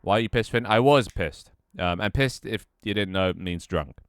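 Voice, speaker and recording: A man's voice: on the low side, normal speed, clear, resonant tone, dry recording, clean studio sound. A tired, out-of-breath young man chatting casually with his livestream audience, sighing and swearing offhandedly. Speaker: Twitch streamer.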